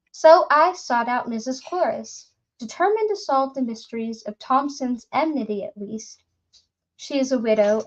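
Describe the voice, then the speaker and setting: A woman reading a story aloud in a measured, formal narrating style. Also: fairly high pitch, lo-fi sound. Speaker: audiobook reader.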